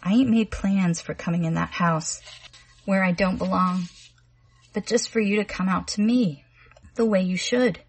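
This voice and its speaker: A woman reading a menacing, smooth-talking young man who coaxes and taunts in slangy patter. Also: mid-range voice. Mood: coaxing. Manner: slangy, wheedling drawl with rapid patter.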